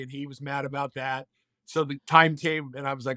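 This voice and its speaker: 50s guy on a podcast, earnest storyteller, mid pitch, dead dry sound. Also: little pitch movement, normal speed, no echo. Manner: earnest storyteller, warm and reflective. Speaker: podcast guest. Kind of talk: casual conversation.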